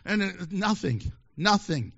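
A man preaching a sermon in a joking, animated way, acting out little voices and laughing often. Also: high voice, measured pace, gravelly. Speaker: pastor. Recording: dull lo-fi sermon recording.

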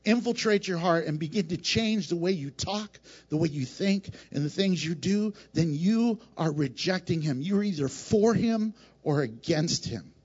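A man preaching a lively sermon in church, emphatic and repetitive, questioning the congregation and acting out scenes. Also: high-pitched, a little slow, slightly rough, muffled recording. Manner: emphatic and repetitive, asks the congregation questions, laughs at his own jokes. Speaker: pastor. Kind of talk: animated sermon with acted-out scenes.

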